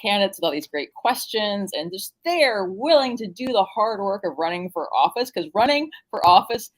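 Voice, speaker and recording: A woman's voice: medium pitch, expressive, normal speed, low-quality recording. A woman guest-hosting a political podcast, talking enthusiastically and upbeat. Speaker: guest host. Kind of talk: casual political podcast chat.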